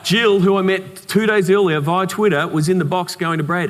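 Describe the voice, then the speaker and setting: An Australian man giving a conference keynote, telling anecdotes in a lively way with humorous asides. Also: high-pitched, normal speed, slight background noise. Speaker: keynote speaker. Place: conference hall. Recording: reverberant conference hall.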